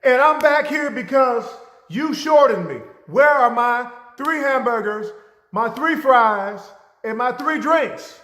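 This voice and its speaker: A man voicing an indignant adult man who insists, slowly and with emphasis, on his missing order. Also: extremely high pitch, animated, fairly bright tone, voice pushed up, heavily acted. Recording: roomy echo.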